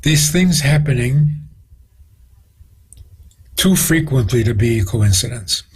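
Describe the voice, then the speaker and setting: A man's voice: medium pitch, lively intonation, takes it slowly, breathy edge, low-quality recording. A rabbi, a man, tells stories with quoted dialogue as a guest on a radio interview. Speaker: rabbi answering questions as a guest.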